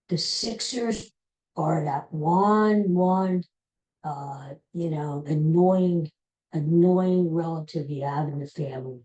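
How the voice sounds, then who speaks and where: A man's voice: on the high side, a little mellow, muffled recording. An older man hosting his own podcast, chatting casually in a rambling, opinionated way and often repeating himself. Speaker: podcast host. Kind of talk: casual solo podcast chat.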